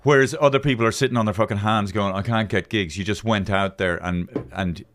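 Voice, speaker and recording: Self-mocking Dublin man, low voice. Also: a little fast, a bit bright. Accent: Dublin Irish. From Dublin, Ireland. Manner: rambling, self-mocking, swears, many restarts. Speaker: podcast host. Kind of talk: casual chat.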